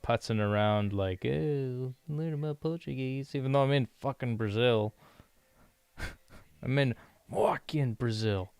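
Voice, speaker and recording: A young man talks slowly and loosely in a rambling, chatty way, laughing often as he goes. His voice is clear and smooth. The sound is dry and close, with no room echo. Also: mid-range voice. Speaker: vlogger learning a language. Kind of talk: casual chat while doing language lessons. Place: living in Brazil.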